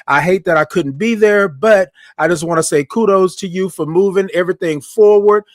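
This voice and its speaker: This slightly high-voiced man runs a live morning stream, keeping the chat informal and Southern-flavored with plenty of "y'all." Greetings to viewers stretch into slow, melodic calls, and his manner stays friendly and relaxed. The audio is close and dry, free of any room sound.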